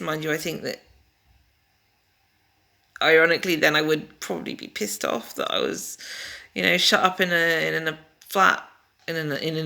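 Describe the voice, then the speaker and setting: Woman, middle-aged, rambling, wry, gravelly, home vlog. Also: deep voice, sharp tone. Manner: rambling and wry, with many restarts and fillers. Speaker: vlogger. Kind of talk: casual personal vlog. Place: home during lockdown.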